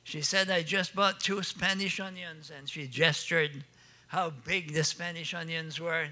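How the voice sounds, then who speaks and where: A man's voice: fairly high pitch, steady tone, measured pace, sharp tone. An older man with an Acadian French accent telling folksy comic stories on stage, laughing at his own punchlines. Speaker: storyteller.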